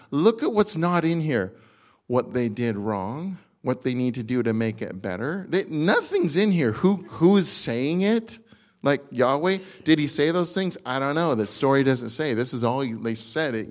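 A man delivers a sermon in a lively storytelling manner, slipping into acted asides and often restarting his phrases. His voice sits in a middle range for a man. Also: mid-range voice, measured pace. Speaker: pastor.

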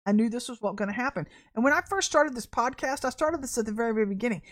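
A woman's voice: a little high, fast talker. A woman giving a casual podcast sermon, telling stories with laughter and acting out quoted voices. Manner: animated storytelling with laughter and acted quotes. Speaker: podcast preacher.

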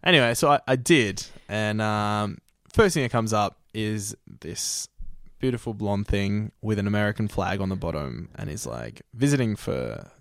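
A man's voice: on the low side, moderate pace, creaky, hardly any pauses, a bit bright, no room sound, clean studio sound. A man from Argentina, in his thirties, telling a rambling, self-deprecating story in casual chat as a guest, laughing often. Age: 30s.

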